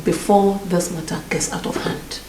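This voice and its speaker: A woman's voice: fairly low pitch, fairly even intonation, moderate pace, reverberant, heavy background noise, natural voice. An actress playing an insistent friend with a Ghanaian English accent who pushes a married woman toward a juju man. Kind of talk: Ghanaian film acting.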